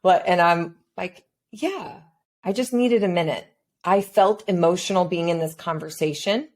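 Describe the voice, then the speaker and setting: A woman's voice: lowish voice, normal speed, a little mellow. A woman hosting a podcast, reflectively retelling her own past thoughts in casual conversation. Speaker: podcast host.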